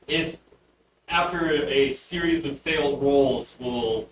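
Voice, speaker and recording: A man running a tabletop game as game master, narrating in halting bursts with frequent restarts and chuckles. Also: medium pitch. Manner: halting, restarts often, laughs through narration. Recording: echoey room, distant mic, noisy.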